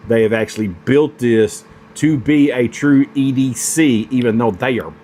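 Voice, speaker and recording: A man reviewing pocket knives in a casual vlog, speaking at an unhurried, drawn-out pace. He gushes with excitement and keeps stumbling over ums and restarts. A faint air-conditioning hum sits behind his voice. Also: medium pitch. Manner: excitable and gushing, with many fillers and restarts. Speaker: knife reviewer.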